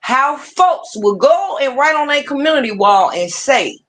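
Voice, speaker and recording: A woman's voice: high-pitched, big pitch swings, measured pace, few pauses, fairly bright tone. A woman hosting a livestream, ranting casually with heated, profane, repetitive talk. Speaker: livestream host.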